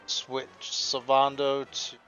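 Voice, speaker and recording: A man's voice: medium pitch, monotone, slow pace, a bit bright, dull audio, faint music behind. A man casually commenting as he plays a video game, thinking aloud and reading the on-screen text. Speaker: gameplay host. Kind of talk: casual let's-play commentary.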